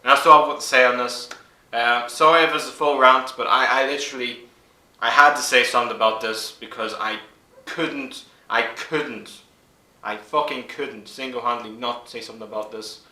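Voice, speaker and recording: Recorded in an echoey room, a furious twenty-something YouTuber vents to camera, cursing hard and stressing every point. The voice is medium-pitched and sharp, with fairly even intonation and a moderate pace.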